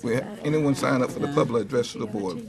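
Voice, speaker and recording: Brisk man chairing a county meeting. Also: medium pitch, vocal fry, over a noisy crowd. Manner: brisk, procedural. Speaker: board chairman.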